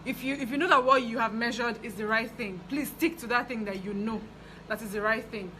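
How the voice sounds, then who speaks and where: A young Nigerian woman telling a story from her fashion business in a chatty, animated way. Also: a little high, brisk, a little hiss or hum, rough recording. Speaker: fashion designer vlogger. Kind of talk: casual storytelling.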